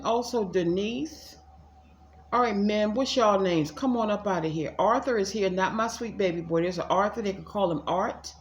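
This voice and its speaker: A woman's voice: medium pitch, roomy sound, slight background noise. A woman giving a casual tarot reading at home, chatty and repetitive, talking straight to her viewers. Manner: chatty, addresses viewers as y'all, repeats herself. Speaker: psychic tarot reader.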